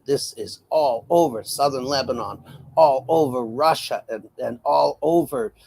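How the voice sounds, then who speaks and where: A man's voice: mid-range voice, creaky. A man giving casual political commentary as an interview guest, wry and often laughing, with many fillers and restarts, over a video call.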